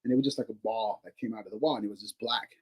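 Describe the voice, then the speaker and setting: A man's voice: on the low side, steady tone, rapid-fire, husky, rough recording. A man, a paranormal investigator, telling a story casually, with many fillers, casual swearing and laughs between remarks.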